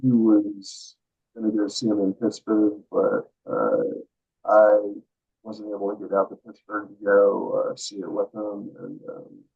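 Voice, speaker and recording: A man answers as a guest in a soft, hesitant way, pausing often to search for words. His low voice is flat, creaky and husky. It comes through a narrow, tinny, phone-like line. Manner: hesitant, soft-spoken, many "uh"s. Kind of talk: casual interview answers. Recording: phone-like remote call audio.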